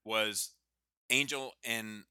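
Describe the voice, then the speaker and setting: A man's voice: lowish voice, very slow, clear, resonant tone, no room sound, clean studio sound. A man in casual chat, animatedly retelling a comic book scene, laughing and swearing as he goes. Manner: animated storyteller, reads out lines with laughs and swearing.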